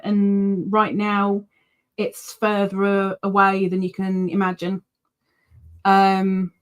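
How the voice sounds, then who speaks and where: A British woman hosting a casual live yarn stream, chatty and rambling, full of fillers and restarts, cooing now and then at her pet. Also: medium pitch. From Britain. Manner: coos baby-talk at her pet. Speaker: yarn channel host.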